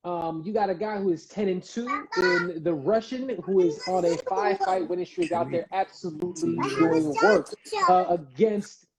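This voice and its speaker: A man's voice: high-pitched, moderate pace, heavy background noise. A man hosting a casual live-stream interview, talking loosely with slang and repeated words. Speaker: interview host. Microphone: video call.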